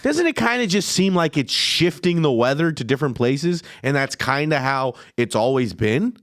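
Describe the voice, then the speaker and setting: Man, podcast co-host, rambling crude banter, lively swinging pitch, dry close sound. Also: normal speed, dry recording. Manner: rambling, crude, many restarts. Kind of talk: casual comedic banter.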